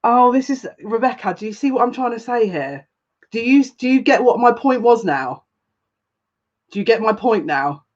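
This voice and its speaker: A woman giving a live-streamed tarot reading, chatting with viewers, emotional and gushing, with excitable quick restarts. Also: fairly high pitch, lo-fi sound. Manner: emotional and gushing, easily moved. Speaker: psychic tarot reader.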